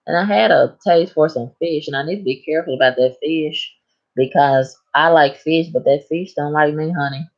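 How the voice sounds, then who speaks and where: A woman's voice: low voice, moderate pace, dull audio. A woman chatting frankly on a casual livestream, laughing at her own stories. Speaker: livestream host.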